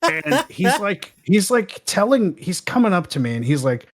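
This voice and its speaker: A young man talks through work stories with a dry, sarcastic edge. His telling is animated and lively. It is a relaxed, casual podcast conversation. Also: high voice, moderate pace, hardly any pauses. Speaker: podcast guest. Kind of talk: casual storytelling chat.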